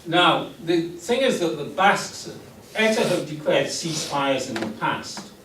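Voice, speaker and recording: A man's voice: fairly high pitch, lively intonation, measured pace. A man giving a classroom lecture in an explanatory way, often restarting his sentences. He speaks from a distance in an echoey classroom, with faint background noise. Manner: explanatory, frequent restarts and fillers.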